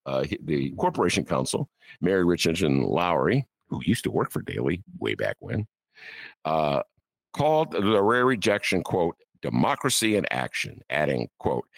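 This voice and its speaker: A man's voice: fairly low pitch, a bit bright, no echo. A man hosting a talk show, riffing with mock outrage and laughter. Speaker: podcast host. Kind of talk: casual political commentary.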